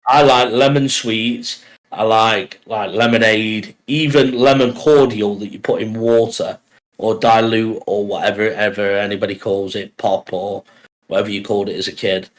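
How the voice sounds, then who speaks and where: A man's voice: fairly low pitch, fairly even intonation, normal speed, low-quality recording. A man co-hosting a casual podcast, joking and laughing often as he talks. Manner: jokey, laughs often between lines. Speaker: podcast co-host.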